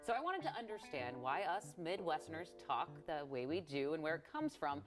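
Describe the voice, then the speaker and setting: A man's voice: on the high side, very animated, a little fast. A man reporting a local news feature in a conversational way. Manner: conversational broadcast delivery. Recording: broadcast with music bed.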